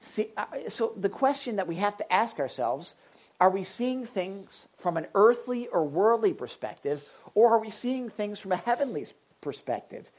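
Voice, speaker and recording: A woman's voice: medium pitch, very animated, moderate pace, a little mellow. A woman preaching a conversational sermon, often asking her listeners questions and restarting her sentences. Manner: asks the audience questions, frequent restarts.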